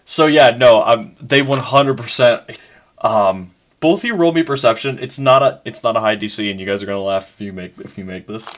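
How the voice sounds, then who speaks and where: A man acting as game master, narrating and calling rolls in a quick, chatty way. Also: mid-range voice, a little hiss or hum.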